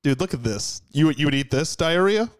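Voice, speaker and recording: A man's voice: a little high, lively intonation, normal speed, no room sound, studio quality. A young man co-hosting a casual chat, crude and joking, mocking bad restaurant reviews. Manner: crude, joking, reads reviews aloud with mock outrage.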